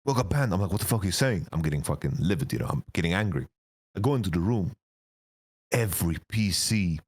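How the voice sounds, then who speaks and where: A man in his thirties, a guest telling profane, rambling stories in a casual interview, his voice getting raspy. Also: deep voice. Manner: rambling, profane, laughing storyteller. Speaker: esports coach, interview guest.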